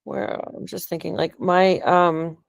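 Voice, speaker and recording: A middle-aged woman talks in a loose, rambling way, emotional and quick to laugh. Her voice sits low for a woman. The sound is dry and close. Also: steady tone, creaky, no echo. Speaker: client getting a reading. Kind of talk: casual conversation.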